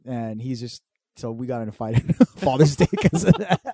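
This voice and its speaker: A young man telling profane, animated stories in casual podcast chat. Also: moderate pace, gravelly, no echo, studio quality. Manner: profane storytelling, mimics his dad in a loud high voice. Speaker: podcast co-host.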